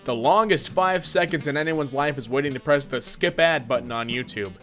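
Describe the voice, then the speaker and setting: A man hosting a casual comedic meme commentary, jumping into squeaky silly voices. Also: a little fast, fairly bright tone, soft background music. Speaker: meme reaction host.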